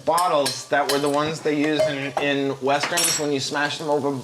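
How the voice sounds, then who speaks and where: A man guest comedian chatting in a kitchen, halting and repeating words as he speaks. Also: a little high, level tone, very noisy. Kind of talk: casual chat.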